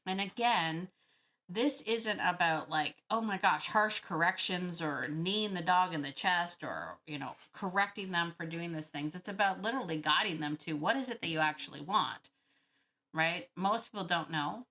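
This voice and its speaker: Chatty woman with a bright voice. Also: fairly low pitch, normal speed. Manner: chatty, thinks out loud, laughs often. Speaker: dog trainer podcast host. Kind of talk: casual Q&A monologue.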